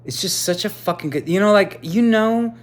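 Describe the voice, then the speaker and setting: A man in his fifties, a contractor, swearing constantly in a personal rant to camera, swinging from loud outbursts to quiet musing. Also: sits high, moderate pace. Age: 50s. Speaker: contractor and aspiring sandwich maker.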